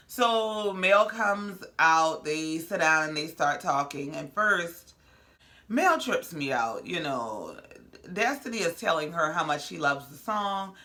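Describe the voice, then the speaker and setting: A woman's voice: low voice, expressive, slow, bright, forceful tone. A woman hosting a reality TV recap, talking in a sassy, blunt, slangy way. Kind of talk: casual commentary.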